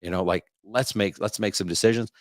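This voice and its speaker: A man hosting a podcast, delivering an energetic, repetitive sales rant in a coaching tone. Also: lowish voice, brisk, no room sound, studio quality. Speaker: podcast host.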